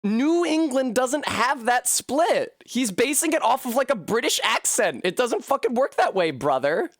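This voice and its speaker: A woman's voice: big pitch swings, measured pace, dry recording, studio quality. Profane rambling woman game streamer. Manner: profane, rambling, bursts into high yelps and shrieks when failing. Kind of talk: casual live-stream commentary while gaming.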